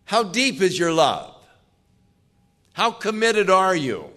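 An older man preaching in a slow, unhurried sermon. His pitch rises and falls widely as he presses earnest, emphatic questions on his listeners. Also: very animated, a bit bright.

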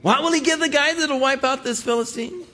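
A man preaching a sermon, voicing a brash, eager young shepherd boy in a high, excited voice. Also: fairly quick. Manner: high, excited, lightly joking.

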